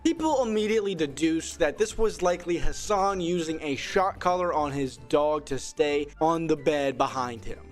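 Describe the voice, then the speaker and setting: A man's voice: a little high, animated, normal speed, hardly any pauses, soft background music. A man narrating a commentary video from a script, sarcastic and theatrical. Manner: sarcastic, theatrical, with sudden shouts.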